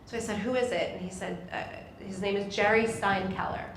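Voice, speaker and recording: A woman's voice: medium pitch, normal speed. A middle-aged woman moderating an event, telling a personal story to an audience with feeling and acting out voices, on a microphone in a synagogue hall. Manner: emotional, animated, acts out voices in her story. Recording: echoey hall with faint noise.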